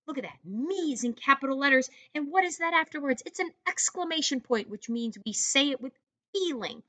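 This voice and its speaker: A woman teaching an online first grade reading lesson, encouraging young children and sounding out words slowly. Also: high voice, lively intonation, sharp tone, no room sound.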